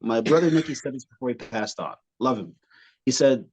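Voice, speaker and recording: A man's voice: mid-range voice, a little fast, husky, low-quality recording. A man from Montreal, a comedian, chatting as a podcast guest and telling stage stories. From Montreal, Canada. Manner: animated storyteller, slips into funny voices and accents. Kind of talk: casual podcast chat with impressions.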